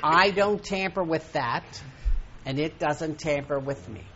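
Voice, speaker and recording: A man's voice: a little high, unhurried, muffled recording, a little hiss or hum. Emphatic man giving an inspirational talk. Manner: emphatic, preacherly, swinging loud and soft. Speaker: spiritual teacher.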